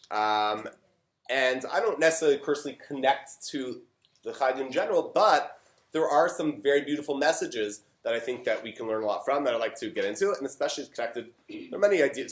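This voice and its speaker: A middle-aged man from Canada, a rabbi giving an informal Torah talk, chatting with many fillers and joking asides. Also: medium pitch. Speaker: rabbi teaching a class. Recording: roomy echo.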